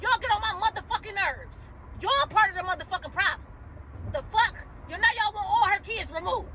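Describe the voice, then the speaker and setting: A woman's voice: extremely high pitch, fairly quick, background noise. A woman giving an emotional, profane rant to camera from a car, heated and close to tears. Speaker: commentator reacting to a viral video.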